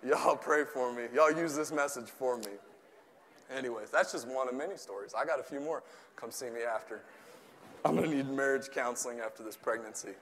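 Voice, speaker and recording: A man from Tennessee with a Southern accent, preaching an animated, joking sermon in a church, swelling at times to near shouts. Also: medium pitch, fairly quick, slight background noise. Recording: long hall reverb.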